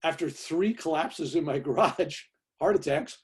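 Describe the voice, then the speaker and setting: A man's voice: on the high side, unhurried, breathy edge. A man, a guest speaker chatting through a personal story for an audience and tagging his lines with "right?". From California, USA. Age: 70s. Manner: chatty, keeps tagging "right?" and "you know".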